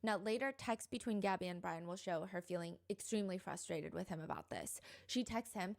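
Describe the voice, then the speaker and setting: A woman's voice: fairly low pitch, brisk, gravelly, few pauses. A young woman casually retelling a true crime case, chatty and full of fillers, sometimes quoting the people involved. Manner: chatty, filler-heavy retelling with quoted voices.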